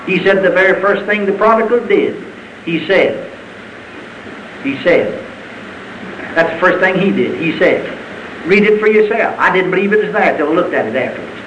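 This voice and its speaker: High, bright-voiced impassioned male preacher. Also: a little hiss or hum, poor audio. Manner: impassioned, swings between loud high exclamations and low quiet asides. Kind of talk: sermon.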